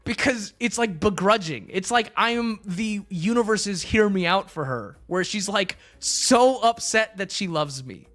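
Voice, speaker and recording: A man's voice: high-pitched, fairly bright tone. A young man streaming, chatting casually and rambling with lots of fillers, joking and answering his chat.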